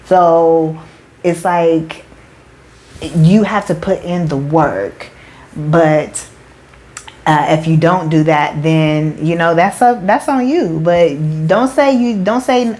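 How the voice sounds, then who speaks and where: A woman's voice: fairly low pitch, slow pace, a little mellow, poor audio. A woman who works as a motivational speaker and spiritual coach, preaching to her followers in emphatic, slangy talk. She swears freely, restarts often, and keeps calling them "baby".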